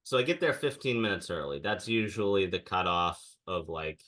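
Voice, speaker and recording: Low-voiced guy co-hosting a chat show, forceful bright tone, ranting storyteller who acts out quotes. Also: lively intonation, normal speed, few pauses. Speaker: podcast co-host. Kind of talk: casual chat.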